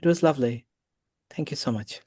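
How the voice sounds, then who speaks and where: A man on a group video call, speaking in a halting way with pauses and fillers. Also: medium pitch, a little mellow, slightly rough, dry recording, studio quality. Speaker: group participant.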